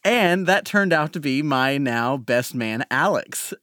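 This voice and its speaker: A man in casual podcast chat, telling a personal story with halting restarts. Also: fairly high pitch, animated, no room sound, clean studio sound. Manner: warm-hearted anecdote telling, halting restarts. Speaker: podcast player.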